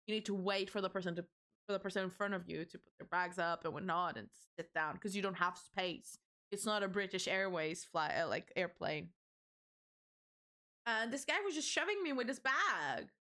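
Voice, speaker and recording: A woman's voice: fairly low pitch, animated, normal speed, bright, forceful tone. A young adult woman streamer chatting casually on a livestream, rambling through stories and swearing freely.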